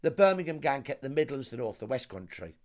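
A man's voice: medium pitch, big pitch swings, fast, a little mellow. A man, a historian guest telling a vivid story with emphatic, dramatic lists. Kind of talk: storytelling explanation.

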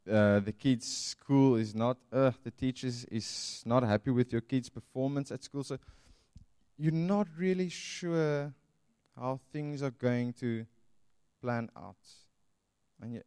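Man, pastor type: slow, earnest sermon delivery, smooth resonant tone. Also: mid-range voice, darkish tone, dry recording, studio quality. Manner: earnest, pastoral, with emphatic slowed phrases. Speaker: preacher.

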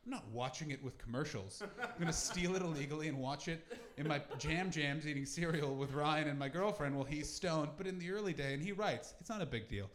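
Brief: Canadian man, stand-up comic, high voice, sweary rants, roomy echoey club. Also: brisk, hardly any pauses. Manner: animated, sweary, shouting bursts. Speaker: stand-up comedian. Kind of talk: stand-up comedy set. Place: pop-up venue in London. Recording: echoey live venue, audience noise.

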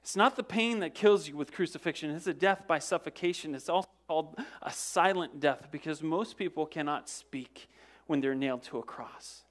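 A pastor preaching a sermon, retelling events dramatically. He repeats words as he goes, asks the congregation rhetorical questions, and swings from loud emphasis to hushed, low passages. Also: moderate pace. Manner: dramatic storytelling with frequent word repetitions and restarts.

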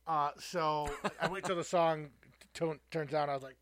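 A man's voice: fairly high pitch, steady tone, normal speed, a bit bright. A man co-hosting a podcast, telling a rambling anecdote in casual chat. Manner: rambling anecdote with fillers and laughs. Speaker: podcast co-host.

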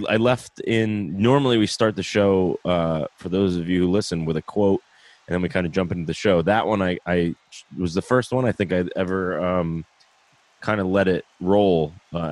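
Brief: deep-voiced young podcast host, laid-back and sweary, dry close sound. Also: male voice, dry recording. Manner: laughing, loose, swears freely. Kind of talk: casual chat.

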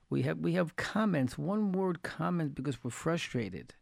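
A man with a rough, gravelly voice pitched a bit high tells folksy anecdotes in a Torah talk, repeating his key phrases to drive them home. The sound is dry and close, with no room around it. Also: animated, a little slow, few pauses, no room sound. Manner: folksy, retells anecdotes with quoted dialogue. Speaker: religious teacher.

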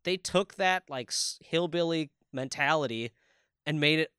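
A man co-hosting a podcast, chatting casually with animated, teasing remarks and casual swearing. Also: a little high, unhurried, clear, resonant tone, no echo, clean studio sound. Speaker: podcast co-host. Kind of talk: casual chat.

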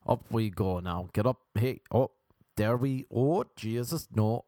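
A man's voice: mid-range voice, measured pace, warm tone, no room sound, clean studio sound, close to an everyday voice. A man with an Irish accent playing a fumbling Irish man who coaxes and flusters, repeating himself. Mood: flustered. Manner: coaxing, flustered, repetitive. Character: fumbling Irish man coaxing a partner in bed.

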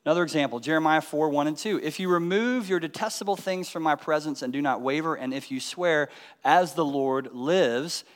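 A man's voice: a little high, big-room sound. A man giving a teaching sermon, explaining scripture and asking his listeners rhetorical questions. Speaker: Bible teacher.

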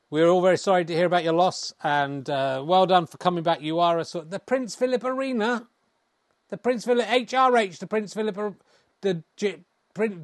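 A man's voice: sits high, dry recording, studio quality, lightly acted. A man voicing a pompous royalist commentator who scolds indignantly and stumbles over titles.

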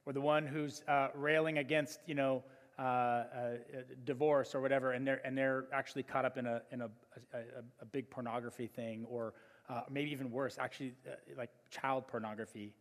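A male pastor preaching a sermon, telling stories in an animated way with many fillers and restarts. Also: medium pitch, a little fast. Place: church hall. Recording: long church hall reverb.

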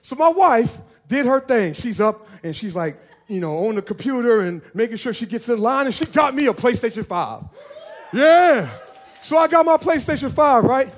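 A man preaching as a pastor, animated and playful, talking directly to his church. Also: extremely high pitch, normal speed. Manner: animated, playful, talks to the congregation. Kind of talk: lively sermon.

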